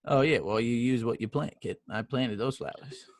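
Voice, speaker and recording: A man's voice: medium pitch, moderate pace, no room sound. Teasing New man, dry close sound. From New York. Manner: joking, teasing banter. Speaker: podcast co-host. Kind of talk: casual chat.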